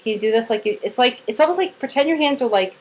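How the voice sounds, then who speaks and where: Woman, fairly high voice, casual trainer, chatty, demonstrative, one-on-one coaching. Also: animated, fast, low-quality recording. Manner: chatty and demonstrative, acting out examples. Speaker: trainer coaching a new therapy team member.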